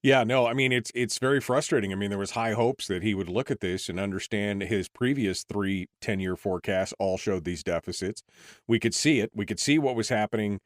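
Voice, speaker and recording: A man's voice: fairly low pitch, brisk, no echo, clean studio sound. A man hosting a radio talk show, speaking conversationally with open frustration and leaning on "I mean".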